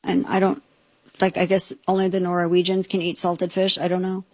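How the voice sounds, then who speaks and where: A middle-aged woman hosting a political talk radio show, sarcastic and indignant in rapid-fire bursts. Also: lowish voice, monotone, a little mellow, no room sound.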